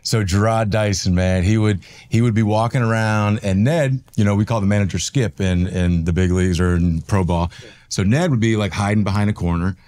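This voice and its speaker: A young man hosting a casual chat, relaxed and quick to laugh, who gets excited when he tells a story. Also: fairly low pitch. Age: young adult. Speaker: podcast host, former ballplayer.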